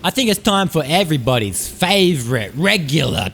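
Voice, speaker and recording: Rambling podcast host. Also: male voice, fairly high pitch, very animated, moderate pace, vocal fry, fairly bright tone, a little hiss or hum. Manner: rambling, profane, hyped-up. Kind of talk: comedic storytelling monologue. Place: Sydney.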